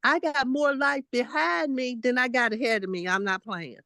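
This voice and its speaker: A woman's voice: high-pitched, normal speed, bright, forceful tone, dry recording. A woman in her late sixties giving a casual spiritual testimony, blunt and emphatic, repeating herself and fussing at her listeners. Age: 60s. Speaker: guest spiritual teacher.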